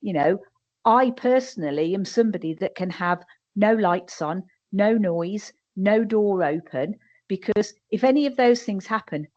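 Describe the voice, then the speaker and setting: A woman's voice: medium pitch, animated, unhurried, darkish tone, lo-fi sound. An English woman who manages a care home, speaking frankly and emphatically on a webinar panel and often repeating words as she starts a sentence.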